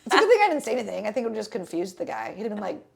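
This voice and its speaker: A woman's voice: medium pitch, sing-song, racing, gravelly, a crowd in the background. A young woman telling a rambling travel story on a casual podcast, with lots of fillers and restarts. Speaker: podcast co-host.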